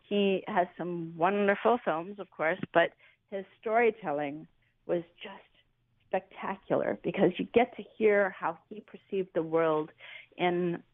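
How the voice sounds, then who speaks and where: A woman's voice: lowish voice, dry recording. Woman on a tinny phone line. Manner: rambling, searching for words. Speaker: guest musician. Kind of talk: casual interview chat.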